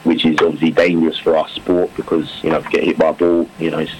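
Very deep and fast, his voice barely moves in pitch, and the rough recording has a faint hiss or hum. The former cricketer, now a coach, rambles through an interview, restarting often, leaning on fillers, and laughing warmly.

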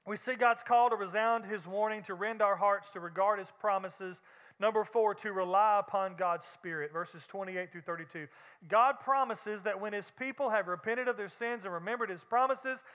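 High, bright-voiced preacher. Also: male voice. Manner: emphatic, conversational preaching. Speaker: pastor. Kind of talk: sermon. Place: large church sanctuary. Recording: long reverb in a large church.

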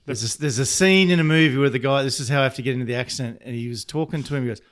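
A man's voice: medium pitch, very fast, few pauses. A man co-hosting a podcast, joking casually and sometimes trailing off. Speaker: podcast co-host. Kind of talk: casual chat.

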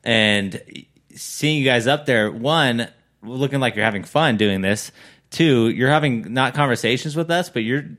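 A man's voice: mid-range voice, unhurried, fairly bright tone. Rambling, jokey male podcast host. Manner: rambling, jokey, laughs often. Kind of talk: casual podcast interview.

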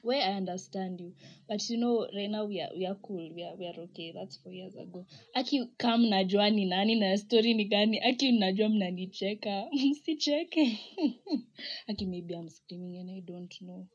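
A woman's voice: mid-range voice, steady tone, fairly quick, lo-fi sound. Chatty Kenyan woman, laughing often. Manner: chatty, laughs often, mixes Swahili slang into English. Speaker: podcast host. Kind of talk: casual chat reading listener comments.

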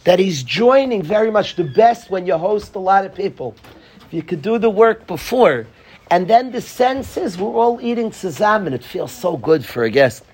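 A man's voice: high-pitched, very animated, moderate pace, darkish tone, breathy edge. A man giving an informal, joking Torah talk to a small group, repeating his key phrases with animation. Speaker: Torah teacher.

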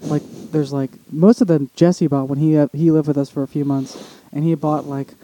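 A man's voice: a little high, fairly even intonation, moderate pace, mellow, no room sound, low-quality recording. A young man co-hosting a podcast in casual chat, rambling and restarting often, swearing casually. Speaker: podcast co-host.

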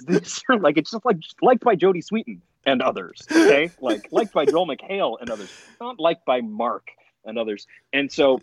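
A man's voice: fairly high pitch, moderate pace, breathy edge, no room sound. A man telling funny stories in a casual podcast chat, laughing often. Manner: animated, laughing storyteller. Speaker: podcast guest.

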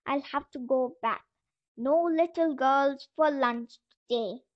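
A croaking, cruel old witch, voiced by a woman, hungry for a little girl in a storybook tale. She is pitched high and speaks slowly with menace. The sound is dull and lo-fi. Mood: grumbling. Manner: menacing, furious outbursts. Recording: dull lo-fi voice message.

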